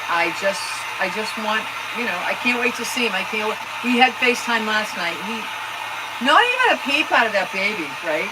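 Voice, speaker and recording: A woman's voice: mid-range voice, heavy background noise. An older woman chatting casually while she crafts on a livestream, rambling about family news and greeting viewers by name. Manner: chatty, rambling, reads viewer comments aloud.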